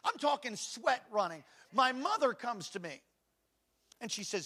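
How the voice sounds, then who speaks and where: A middle-aged man preaches a sermon, his voice set high and bright. He tells his story with fervor, dropping to hushed asides and rising to shouts. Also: very animated, unhurried, breathy edge. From Hawaii. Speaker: pastor.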